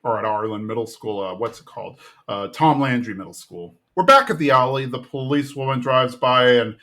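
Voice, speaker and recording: A man at a middle pitch retells a cartoon episode in easygoing podcast chat. He recites the characters' lines himself, his voice jumping up for the quotes. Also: a little fast, pushed and bright. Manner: retells scenes, acting out quotes in a raised voice. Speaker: podcast co-host recapping episodes. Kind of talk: casual recap chat.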